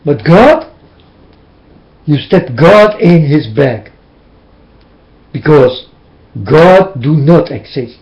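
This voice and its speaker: A man's voice: fairly high pitch, big pitch swings, extremely slow, pauses often, darkish tone. A man giving an emotional religious monologue from his room, pleading and preaching as his voice keeps breaking into tears. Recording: dull lo-fi recording.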